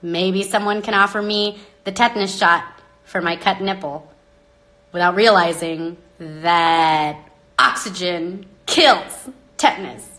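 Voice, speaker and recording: A woman with a mid-range voice hosts a live stream into her phone, rambling dramatically and with exasperation. She swings between loud outbursts and hushed asides.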